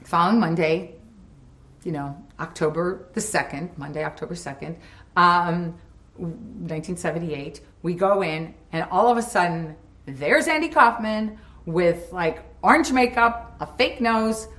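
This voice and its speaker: A woman, a former sitcom cast member, recalling a shoot in a lively, animated interview story. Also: lowish voice, measured pace. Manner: lively, animated, acts out scenes.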